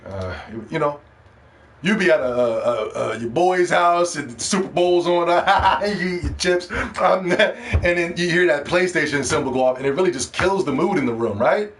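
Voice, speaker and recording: Animated man podcasting with high voice. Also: moderate pace, a little hiss or hum. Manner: animated storytelling, mimics other people in slang. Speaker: podcast host. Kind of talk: casual monologue.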